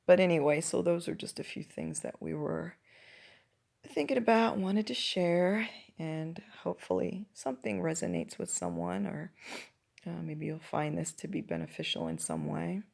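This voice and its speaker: A woman hosting her own show, speaking in a reflective personal monologue, her voice croaky and her thoughts coming in halting restarts. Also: fairly low pitch, sing-song, a little mellow. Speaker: podcast host.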